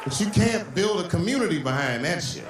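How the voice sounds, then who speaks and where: A man's voice: sits high, lively intonation, a little fast, crowd noise. A man doing a stand-up routine on stage, telling profane stories and mimicking the people in them. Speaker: stand-up comedian. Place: stage in a large venue. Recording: echoey hall from far off, faint noise.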